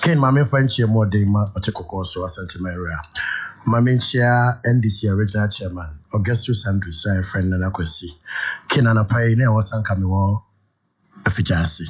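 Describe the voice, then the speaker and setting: A Ghanaian man calling into a radio phone-in, giving forceful political commentary in an argumentative, rhetorical manner. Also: fairly low pitch, normal speed, slightly rough. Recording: dull lo-fi radio audio.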